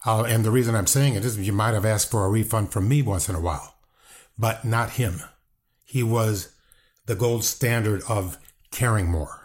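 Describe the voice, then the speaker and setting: Older male guest, low-ish voice, gruff and profane, defensive rambling delivery. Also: moderate pace. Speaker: wrestling guest, brother of the subject. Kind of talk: casual interview talk.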